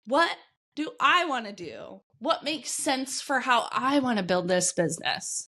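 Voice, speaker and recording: A woman hosting a solo podcast as a business coach, energetic and blunt, swearing casually, coughing as she gets over a cold. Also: fairly high pitch, unhurried.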